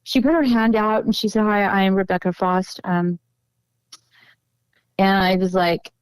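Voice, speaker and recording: Female interview guest, earnest and emotional storyteller, clear voice, dry close sound. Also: mid-range voice, steady tone, a little slow, no echo, low-quality recording. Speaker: podcast guest.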